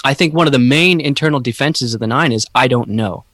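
Halting, reflective man, dry sound. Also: medium pitch, fairly bright tone, dry recording. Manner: slow, halting, searching for words. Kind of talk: reflective conversational podcast.

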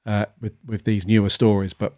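A man's voice: on the low side, little pitch movement, brisk, darkish tone, no echo, clean studio sound. A man co-hosting a podcast in casual chat, musing aloud with many fillers. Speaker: podcast co-host.

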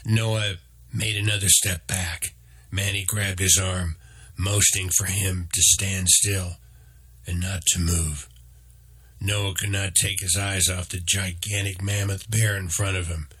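Slow, deep, husky male storyteller. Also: little pitch movement, pushed and bright. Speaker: narrator. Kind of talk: storybook narration.

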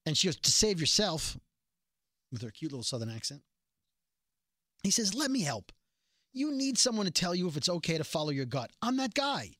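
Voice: mid-range voice, a little fast, long pauses, no echo, studio quality. A podcast co-host giving a casual, sarcastic recap of a TV episode, acting out the characters' lines as they go. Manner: sarcastic, animated retelling of scenes.

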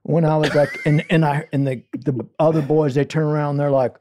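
A man, a guest on a podcast, spinning a long, funny story in a voice a little higher than most men's. He jumps into the voices of the people in the story, climbing high and shouting when they do. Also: flat delivery, brisk. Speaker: guest songwriter. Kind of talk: animated storytelling.

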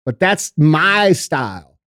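A fiery, profane man holds forth on a podcast in casual slang, calling everyone bro and dude. His voice sits a bit high for a man and sounds close and dry, with no room around it. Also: very animated, slow, pushed and bright, no echo. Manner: calls people bro and dude. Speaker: podcast guest.

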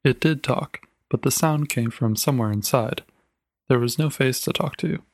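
A man reads a short story aloud in a measured, clear storytelling voice of middling pitch. The recording is close and dry, with no room sound. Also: no room sound. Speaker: narrator. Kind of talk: audiobook reading of a short story.

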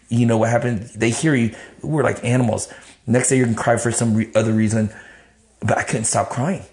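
A man telling his life story in an interview, blunt and animated, swearing freely. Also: mid-range voice. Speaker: interview guest. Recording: roomy echo.

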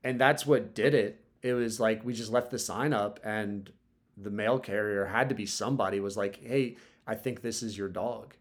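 A man's voice: lowish voice, moderate pace. Laid-back swearing man telling a story. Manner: laid-back, swears a lot, heavy use of "like" and "dude". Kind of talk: casual chat, storytelling.

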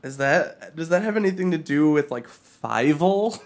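A man in casual comedic chat, profane and animated, often dropping into silly put-on voices. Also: a little high, normal speed.

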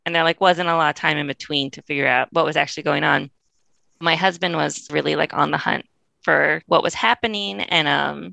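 A woman with a low, gravelly voice, recorded dry, is a guest on a podcast interview. She tells a long personal story at a fast, chatty clip, laughing often and quoting other people in lively voices.

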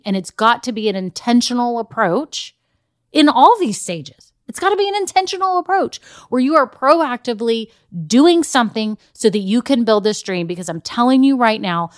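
Woman, podcast business coach, energetic, emphatic, motivational, direct address, dry close sound. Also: medium pitch, dry recording. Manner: energetic, emphatic, pep-talk delivery; addresses listeners directly with "y'all" and "okay?". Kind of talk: motivational solo podcast talk.

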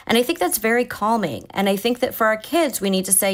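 A woman in her forties, a therapist, calmly explaining advice in conversation, often restarting her sentences as she thinks. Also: medium pitch, moderate pace, hardly any pauses. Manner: calm, thoughtful, explanatory with frequent restarts. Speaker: therapist guest.

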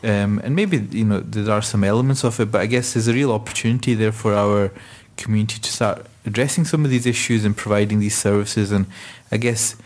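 A man's voice: on the low side, brisk, hardly any pauses. A man hosting a podcast, asking questions thoughtfully and hesitantly, with many fillers. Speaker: podcast host. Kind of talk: conversational podcast interview.

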